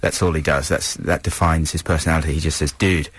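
A man's voice: very deep voice, little pitch movement, fast talker, dry recording. A male radio host chatting and rambling through links, with plenty of hesitation. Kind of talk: radio banter.

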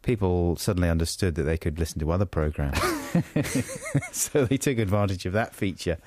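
A man's voice: deep voice, brisk, darkish tone, a little hiss or hum. A man co-hosting a radio podcast, bantering playfully and rambling between jokes in a studio. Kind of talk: casual banter.

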